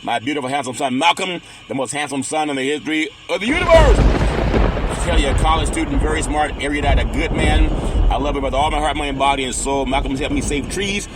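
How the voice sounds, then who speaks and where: A man's voice: on the high side, animated, brisk, heavy background noise. A man hosting his own sports podcast, talking in a repetitive, preachy monologue full of slogans. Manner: repetitive, preachy, builds to loud chanting. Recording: loud music and crowd behind. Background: loud music and crowd.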